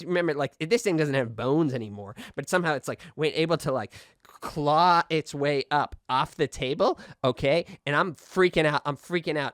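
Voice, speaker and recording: A man's voice: a little high, a bit bright, no room sound, studio quality, natural voice. A man playing a rambling, defensive radio host. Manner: rambling, tacks "okay?" onto lines, boastful and defensive. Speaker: radio call-in show host. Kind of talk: comedic audio drama.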